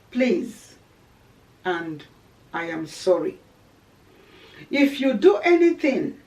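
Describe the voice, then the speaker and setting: A woman's voice: high voice, a little mellow, far from the mic, low-quality recording. A woman giving earnest, preaching-style marriage advice, repeating her key phrases for emphasis. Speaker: Christian teacher on marriage.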